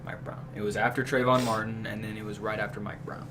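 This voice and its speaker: A man's voice: on the low side, little pitch movement, fast, noisy background. A young adult man, a guest on a podcast, laying out his political views at length in an earnest, casual way. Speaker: podcast guest, new team member.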